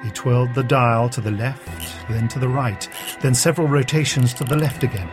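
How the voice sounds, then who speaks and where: Steady male story narrator. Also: medium pitch, moderate pace, music in the background.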